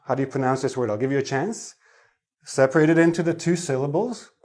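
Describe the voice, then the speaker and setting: A man's voice: mid-range voice, fast talker, darkish tone. Chatty male English teacher. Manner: explains chattily, asks the viewers questions. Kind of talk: online pronunciation lesson.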